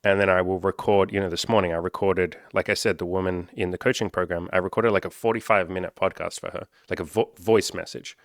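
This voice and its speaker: A man with a low, deep voice talks straight to camera about his coaching work. His delivery is casual and candid, with lively bursts when he acts out other people, and he swears freely. The sound is close and dry, with no room echo. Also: fast talker, few pauses. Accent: Australian. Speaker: life coach and content creator. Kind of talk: casual talking-head monologue.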